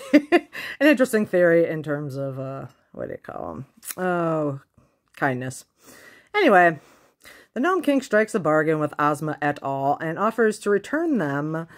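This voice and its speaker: Chatty low-voiced woman retelling a book. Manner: chatty, laughing, many fillers. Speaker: book vlogger. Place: inside a car.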